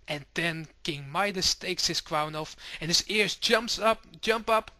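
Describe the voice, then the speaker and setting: A man narrates a fairy tale for children with a bright, sharp voice that sits high. He takes his time over each phrase and puts on lively voices for the townsfolk, in a dry, close recording. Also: dry recording. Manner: slow, expressive, puts on villagers' voices. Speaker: storyteller. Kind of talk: storytelling to children.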